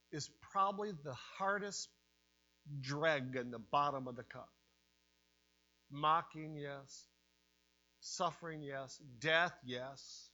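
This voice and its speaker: Male preacher, bright and forceful delivery, higher voice, dramatic hushes and shouts, faint mains hum. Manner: dramatic swings from hushed to loud. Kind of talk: sermon.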